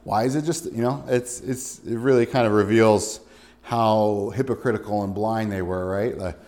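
A man teaching verse by verse through a Bible passage. He reads scripture and quotes the speakers with lively emphasis, then adds casual asides. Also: fairly low pitch, moderate pace. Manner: reads scripture aloud with lively, animated quoting of voices; conversational asides like "right?" and "you know". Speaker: pastor.

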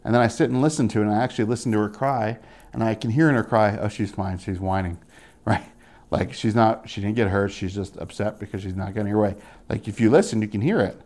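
A young man preaching a sermon in an animated way, acting out the voices of the people he quotes. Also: fairly low pitch, quick pace.

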